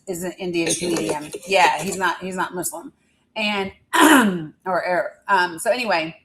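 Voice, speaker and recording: A woman's voice: mid-range voice, low-quality recording. A woman hosting a livestream, telling a story in a rambling, chatty way and teasing her viewers, with the odd swear word. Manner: casual swearing. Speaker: livestream host. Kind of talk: casual storytelling to a live chat.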